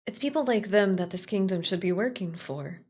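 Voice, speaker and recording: A woman's voice: mid-range voice, normal speed, a little mellow, husky, natural voice. A woman reading aloud as a female royal scholar who confides a plot to a friend, speaking fondly and wistfully.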